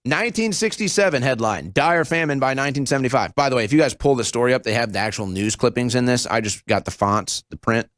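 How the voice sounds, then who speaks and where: A man in his thirties hosts a political talk show, commenting sarcastically and doing mocking, animated impressions. His medium-pitched voice moves fast with hardly any pauses, and there is no room sound.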